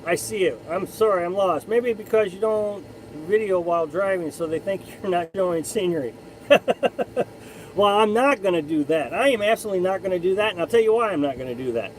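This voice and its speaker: A man with a high-pitched voice hosts a casual live stream. He chats at length, rambles, and often starts his sentences over. A faint background noise runs under his voice. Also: brisk, rough recording. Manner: rambling, chatty, frequent restarts. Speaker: live stream host reading chat.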